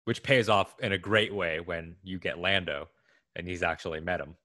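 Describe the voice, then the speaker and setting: Man, very low voice, dry close sound, enthusiastic podcast co-host. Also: moderate pace, bright, forceful tone, dry recording. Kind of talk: casual chat.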